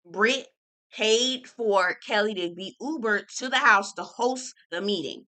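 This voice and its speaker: A woman reviewing a reality show in a casual vlog, talking in a sassy, blunt and profane way. Her voice is bright and sharp-edged, and she tosses "girl" into nearly every line. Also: mid-range voice, measured pace.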